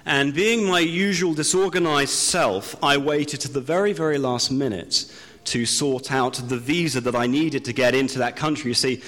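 A man from Britain preaching a sermon, telling a self-deprecating story with slow, drawn-out pauses. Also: mid-range voice, a bit bright. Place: church hall. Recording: long hall reverb.

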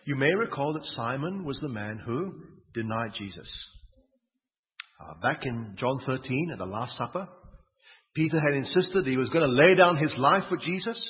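Brief: male preacher, animated storyteller, raised pitch, phone-thin sound with a long hall echo. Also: narrow, tinny audio. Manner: storytelling, with asides and rhetorical questions. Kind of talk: sermon.

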